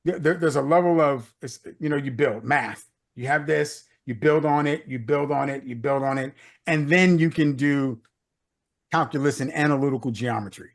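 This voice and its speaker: A middle-aged American leadership consultant, a guest telling a personal story in a casual interview, with many "uh"s and "you know"s. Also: male voice, medium pitch, normal speed, vocal fry. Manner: anecdotal, repeats words, many "uh" and "you know".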